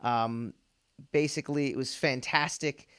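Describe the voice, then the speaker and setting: A man's voice: medium pitch, steady tone, a little slow, fairly bright tone, clear, resonant tone. A man hosting a casual pop culture podcast, rambling with lots of fillers and restarts. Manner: rambling, laughs often, many fillers and restarts. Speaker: podcast host.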